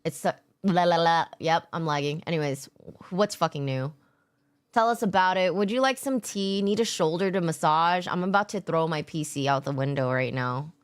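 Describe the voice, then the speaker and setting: A woman's voice: sits low, expressive, normal speed, smooth. A woman streamer chatting casually with her viewers after work, tired, loose and giggly, swearing freely and greeting chatters by name. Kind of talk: casual chat with live viewers.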